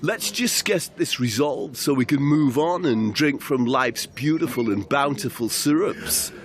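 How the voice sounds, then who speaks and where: A man voicing a pompous, menacing thug with a huge chin, sneering and slow in a comedy role-play. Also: mid-range voice, expressive, pitched above the performer's own voice, close to an everyday voice. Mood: smug.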